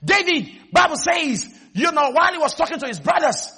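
A male preacher giving an animated sermon, calling for congregation responses and shouting at peaks. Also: very high voice, moderate pace.

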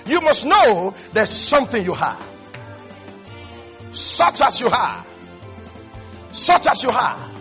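A man preaching with a high, bright voice. He swings from hushed, low asides to excited, high shouts. Faint music plays underneath. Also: slow, pauses often. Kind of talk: sermon.

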